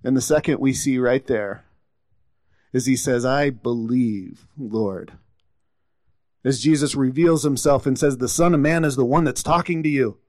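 A man's voice: mid-range voice, a little mellow, no echo. A man preaching a sermon, retelling scripture stories and acting out the quotes with rising intensity.

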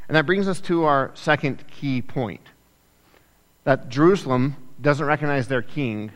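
A man preaching a sermon in a conversational, animated way, acting out the people in the story with quick asides. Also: medium pitch. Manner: animated, acts out quoted voices, conversational asides. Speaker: pastor. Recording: echoey hall with long reverb.

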